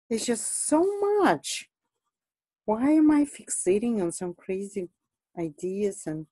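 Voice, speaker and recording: A woman's voice: mid-range voice, dark tone, dry recording, poor audio. A woman teaching an art lesson in a chatty, casual way, laughing often and trailing off with fillers as she draws. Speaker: art instructor. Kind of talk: casual teaching while drawing.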